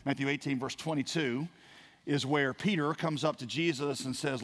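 A man preaching a sermon as a pastor, telling a parable with acted-out voices and swings from quiet to loud. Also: medium pitch, brisk. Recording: long hall reverb.

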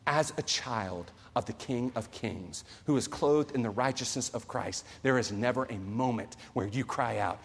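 A man in his forties preaching a sermon as a pastor, earnest and storytelling, swinging between loud and soft. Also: medium pitch, animated, normal speed. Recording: long hall reverb.

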